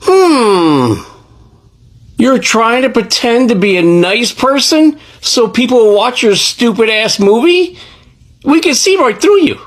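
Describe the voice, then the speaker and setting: A woman tears into her subject in a sarcastic, scornful rant, her voice swooping high and low. She mocks and heckles with barbed rhetorical questions. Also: animated, measured pace. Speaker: commentator reacting to a clip. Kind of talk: ranting reaction commentary.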